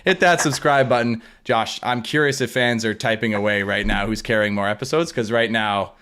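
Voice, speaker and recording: A man's voice: on the low side, moderate pace, fairly bright tone, clean tone. A young man co-hosting a casual talk show, teasing his co-host in a playfully exasperated way. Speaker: podcast co-host. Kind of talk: casual banter.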